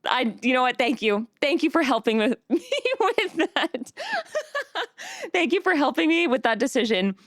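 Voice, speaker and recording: A woman's voice: high-pitched, very animated, measured pace, fairly bright tone, dry recording, clean studio sound. A woman streamer chatting casually with her live chat, bubbly, reading messages aloud and laughing often.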